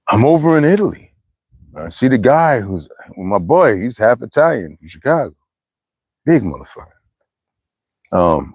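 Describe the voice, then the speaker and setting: A man telling rambling, profane stories in a casual monologue, full of asides and sudden swings from low mutters to high exclamations. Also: breathy edge, no room sound. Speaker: channel host.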